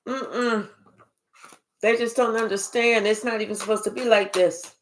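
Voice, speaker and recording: A woman giving a casual spiritual reading, talking in an animated, profane way and acting out quoted voices. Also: a little high, normal speed, slight background noise. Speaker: spiritual reader. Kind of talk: casual live reading monologue.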